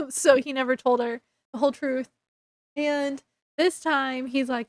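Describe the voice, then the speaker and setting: A woman's voice: high-pitched, slow pace, no echo. A woman book reviewer casually recapping a story, chattily retelling scenes in quoted dialogue.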